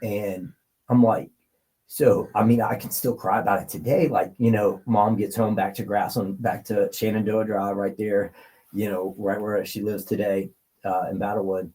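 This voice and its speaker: Male guest, forties, low and husky, rambling and emotional storyteller. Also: level tone, normal speed, warm tone, rough recording. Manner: rambling, filler-heavy, emotional.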